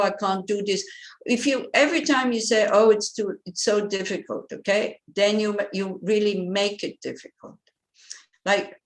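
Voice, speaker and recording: A middle-aged woman, a Buddhist nun, teaching in a relaxed, chatty way and acting out the voices she quotes. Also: mid-range voice. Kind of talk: dharma teaching.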